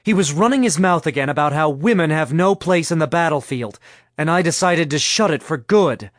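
A man voicing a quick-tempered young woman fighter who yells brashly and crudely. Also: on the high side, steady tone, no echo, studio quality, lightly acted. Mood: angry.

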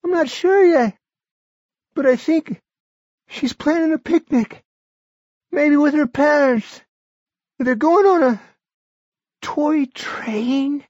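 Sick feverish man, hoarse clotted voice, way up high and loud, dull lo-fi sound. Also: takes it slowly, long pauses, dry recording. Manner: high strained near-shouting.

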